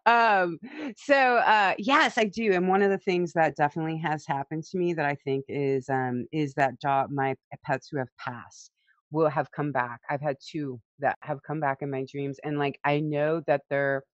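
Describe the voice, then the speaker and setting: A woman's voice: deep voice, steady tone, moderate pace, no room sound, dull audio. A woman in casual conversation, telling personal stories with feeling and frequent laughter. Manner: emotional, laughs often, tells stories.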